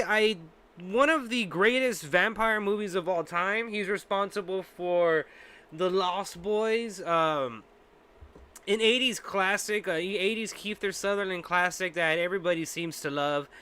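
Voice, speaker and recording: A man with a high, bright, forceful voice hosting a podcast. He rants in casual talk, swearing often and sounding fed up, with fillers and restarts throughout. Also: smooth. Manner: profane, exasperated ranting. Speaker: podcast host. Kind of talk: casual ranting chat.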